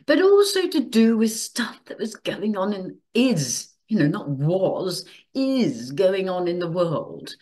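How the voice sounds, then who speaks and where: A woman's voice: fairly low pitch, darkish tone. An older woman hosting her channel, chatting casually and emotionally, laughing often as she tells a personal story. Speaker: channel host.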